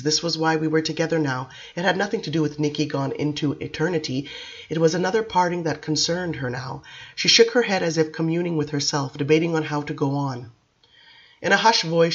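Brief: woman narrating a novel, measured, expressive delivery, slightly muffled recording. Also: low voice. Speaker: audiobook reader. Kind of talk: audiobook narration.

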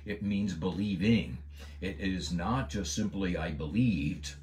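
A man's voice: deep voice, slow, a little mellow. A man giving an earnest devotional Bible lesson, stressing key words with emphasis. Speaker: Bible teacher.

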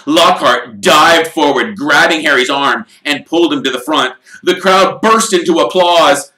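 A man narrating a storybook in an animated, expressive way. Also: a little high, unhurried, hardly any pauses, echoey room, low-quality recording. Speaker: audiobook reader. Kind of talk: storybook reading.

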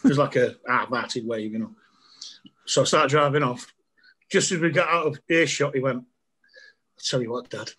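A man's voice: medium pitch, normal speed, pauses often, fairly bright tone, husky. A middle-aged man, a comedian telling funny stories in a casual chat, laughing often and acting out voices. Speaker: comedian guest.

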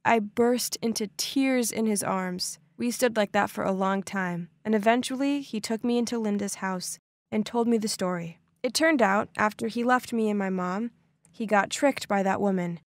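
A young adult woman narrating a first-person animated story in an expressive, dramatic way. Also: medium pitch, moderate pace, dry recording, clean studio sound.

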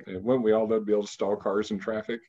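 Low, mellow-voiced man in his sixties telling a story. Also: flat delivery, lo-fi sound. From Kansas, United States. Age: 60s. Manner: measured, anecdotal storyteller who pauses on fillers. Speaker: interview guest. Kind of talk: storytelling in a radio interview.

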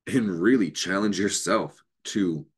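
A man's voice: sits low, a little slow, slightly rough. A man hosting an astrology show, giving an unscripted motivational talk, emphatic and profane, with bursts of laughter.

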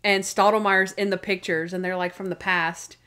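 A woman's voice: mid-range voice, moderate pace, clean tone. Chatty woman podcast co-host. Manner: animated retelling, acting out quoted lines. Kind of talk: casual chat recapping TV episodes.

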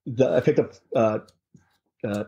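A man's voice: medium pitch, unhurried, gravelly, mellow. Rambling male storyteller, muffled lo-fi sound. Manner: rambling, with many restarts and fillers. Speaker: rideshare driver and interview guest. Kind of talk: casual storytelling in an interview. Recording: dull lo-fi sound.

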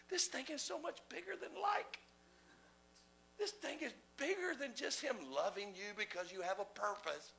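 Male preacher, fiery sermon delivery, bright gravelly voice, leaps from shouts to whispers, faint hum underneath. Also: high-pitched, huge pitch swings, normal speed, rough recording. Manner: passionate, swings from shouting to hushed whispers; asks the audience rhetorical questions.

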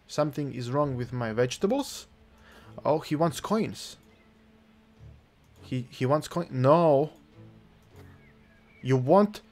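A man's voice: medium pitch, slow pace, long pauses, soft background music. A man casually commentating on his own gameplay, joking around, chuckling and throwing in mock-outraged swearing. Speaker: gaming channel host. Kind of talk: let's play commentary.

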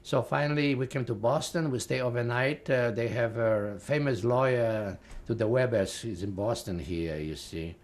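An older man with a Polish accent gives oral history testimony. He talks in a halting, rambling way, repeating words and stopping on fillers, at an ordinary middle pitch. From Poland. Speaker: interviewee, Holocaust survivor.

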